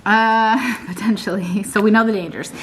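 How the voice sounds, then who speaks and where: A woman's voice: mid-range voice, fairly even intonation, moderate pace, slight background noise. A young woman vlogging casually at home in her kitchen, chatty and rambling, often restarting her sentences. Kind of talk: casual chat to camera.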